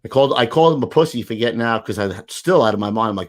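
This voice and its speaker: A middle-aged man, a podcast co-host, telling a profane, animated story in casual chat. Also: medium pitch, very fast.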